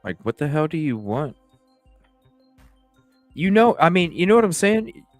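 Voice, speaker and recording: A man hosting a livestream, telling stories in a rambling, profane, animated way. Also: fairly high pitch, a little slow, dry recording, faint music behind. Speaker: livestream host. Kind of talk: casual livestream talk.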